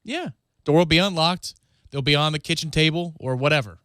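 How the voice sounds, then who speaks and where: Plainspoken radio co-host man, fairly high voice. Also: fairly quick, a bit bright, clean tone, no echo, clean studio sound. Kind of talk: casual talk radio banter. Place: radio studio.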